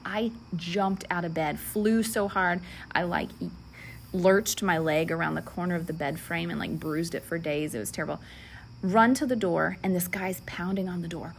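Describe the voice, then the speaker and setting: A woman's voice: lowish voice, vocal fry, slight background noise. A woman in her thirties hosting a faith podcast alone at home, telling personal stories and acting out the voices in them. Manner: animated storyteller, acts out quoted voices. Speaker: podcast host.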